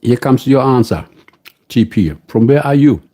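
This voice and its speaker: A man with a German accent hosting a casual live stream from home, musing slowly and greeting viewers by name. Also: mid-range voice, expressive, warm tone. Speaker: livestream host.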